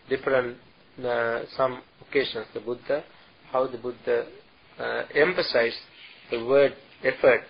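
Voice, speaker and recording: Slow husky male dharma teacher. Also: medium pitch. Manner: slow and halting, chants Pali verses. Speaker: Buddhist monk teacher. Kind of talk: dharma talk. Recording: dull lo-fi recording.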